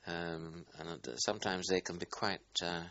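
An older man recalling his wartime squadron in an interview, halting and searching for words. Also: deep voice, steady tone, pushed and bright, no room sound, highs cut off. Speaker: interviewee, former squadron commander. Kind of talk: oral history interview.

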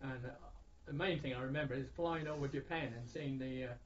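A man's voice: medium pitch, steady tone, a little fast, slight background noise. An older man, a veteran recalling his service in a rambling, meandering oral-history interview. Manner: rambling, with many fillers and restarts. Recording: dull lo-fi recording.

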